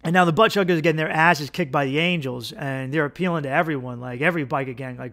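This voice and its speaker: Profane rambling man, fairly high voice. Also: fast, few pauses. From United States. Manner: profane, rambling, acts out gang voices in a louder higher pitch. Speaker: podcast host. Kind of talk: casual comedic monologue.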